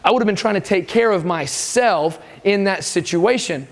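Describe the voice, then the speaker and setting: A man's voice: sits high, moderate pace. A man preaching a sermon at a camp, telling stories with energy and acting out the voices of the people in them. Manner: lively storytelling, acts out quoted voices.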